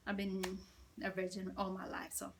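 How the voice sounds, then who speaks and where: A woman tells a storytime vlog at home, in a hushed, half-whispered, gossipy way. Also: mid-range voice, monotone, moderate pace, background noise. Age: 30s. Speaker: vlogger. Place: indoors at home.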